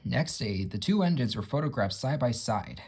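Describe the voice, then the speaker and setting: Husky man reading a storybook aloud. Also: mid-range voice, animated, moderate pace, a little mellow.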